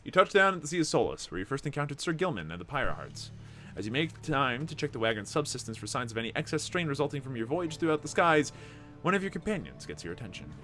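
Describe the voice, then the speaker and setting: A man hosting a gameplay video, reading the game's text aloud and commenting with excitement. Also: medium pitch, quick pace, faint music behind. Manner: animated, reads dialogue aloud with excitement.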